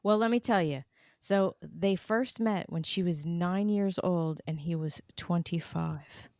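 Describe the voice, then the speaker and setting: Low-voiced woman podcast co-host. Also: a little slow, a little mellow, dry recording. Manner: storytelling, walks through backstory step by step. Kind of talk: casual chat recapping a reality show.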